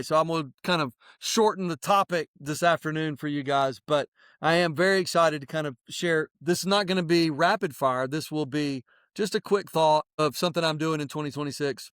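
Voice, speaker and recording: A man co-hosting a podcast, giving animated, plain-spoken advice in casual chat with some mild swearing. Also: on the high side, clear, resonant tone, dry recording, studio quality. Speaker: podcast co-host.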